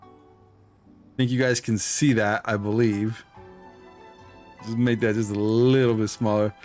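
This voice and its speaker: A man's voice: fairly low pitch, level tone, unhurried, darkish tone, faint music behind. A man with a Hispanic accent giving casual, laughing commentary while streaming a game. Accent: Hispanic-accented English. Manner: laid-back, laughing, rambling.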